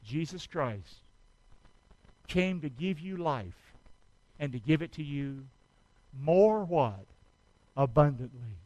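High-voiced preacher, call and response. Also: male voice, lively intonation, slow, long pauses, no echo, highs cut off. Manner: call-and-response preaching, swings from shouting to quiet. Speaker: pastor. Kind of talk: sermon.

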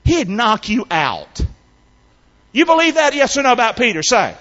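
High, lively preacher man in a hall. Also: normal speed. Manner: call-and-response preaching, swinging from hushed to shouting. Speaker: pastor. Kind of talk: sermon. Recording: dull sound in a reverberant hall.

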